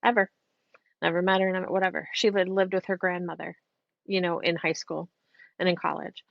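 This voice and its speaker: A woman psychic medium, a podcast guest, telling a story in a chatty, animated way, now and then swearing casually. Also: fairly low pitch, brisk, vocal fry, no echo. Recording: dull, dry lo-fi podcast audio.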